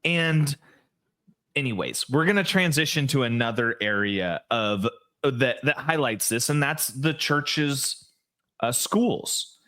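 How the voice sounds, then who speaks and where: A man's voice: mid-range voice, slow. A man co-hosting a podcast, telling stories in casual chat with lots of "like" and restarts. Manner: animated storyteller, lots of "like" and restarts. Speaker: podcast co-host.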